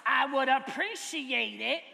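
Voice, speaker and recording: A man mimicking his wife as a nagging woman in a mock demon voice, slow and over-polite. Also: very high voice, gravelly, pushed and bright, slight background noise, voice pushed up, heavily acted. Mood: mock stern. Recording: long hall reverb.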